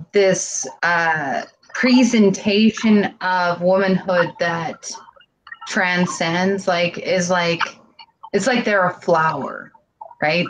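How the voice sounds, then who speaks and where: Slow, rambling woman guest. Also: on the low side, a little hiss or hum, low-quality recording. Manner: rambling and earnest, heavy on "like". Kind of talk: casual live-stream chat.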